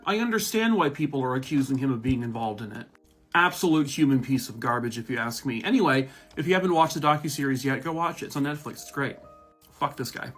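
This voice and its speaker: Blunt, sarcastic man ranting. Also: fairly high pitch. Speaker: true crime content creator. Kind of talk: casual vlog commentary.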